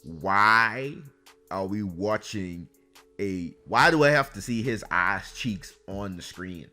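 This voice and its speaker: A man's voice: low-pitched, slow pace, pushed and bright, soft background music. A man giving an exasperated, sarcastic ranting review of a video game series.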